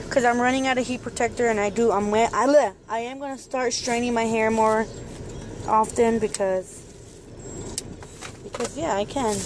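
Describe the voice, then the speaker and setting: A woman's voice: fairly high pitch, background noise. A young woman chatting casually in a rambling daily vlog, at times frustrated. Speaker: vlogger.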